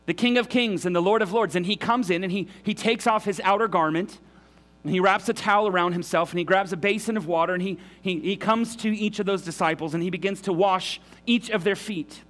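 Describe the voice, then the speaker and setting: A man's voice: high voice, a bit bright. A man preaching a sermon in an earnest, emphatic way, often restarting his sentences. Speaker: pastor.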